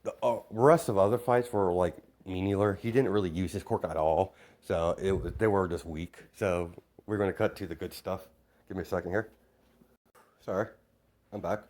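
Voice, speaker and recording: Brief: young adult man, deep voice, off-the-cuff rambling story narration. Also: normal speed, darkish tone. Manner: rambling, off-the-cuff, self-correcting. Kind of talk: improvised fan-fiction narration.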